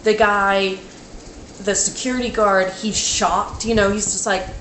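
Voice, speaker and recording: A woman vlogger recounting a dream in casual speech, halting and rambling, with many "like"s and restarts. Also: medium pitch, level tone, a bit bright. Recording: echoey room with faint noise.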